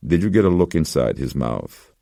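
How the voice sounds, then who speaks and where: A man voicing a somber old pawnbroker who speaks in a slow, grave, measured way. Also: very deep voice, sing-song, gravelly, dark tone, no room sound, clean studio sound, heavily acted. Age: older.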